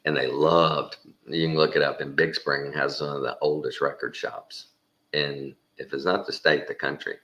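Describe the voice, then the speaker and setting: A man's voice: very deep voice, little pitch movement, moderate pace, sharp tone, muffled recording. A man telling a rambling, folksy anecdote in a casual way, sprinkled with mild swearing. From Texas. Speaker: storyteller.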